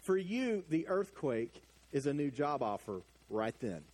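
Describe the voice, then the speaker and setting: Middle-aged male pastor preaching; expressive, fairly high voice, moves from quiet to emphatic. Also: unhurried. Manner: animated, swings from hushed to loud emphatic. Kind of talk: sermon.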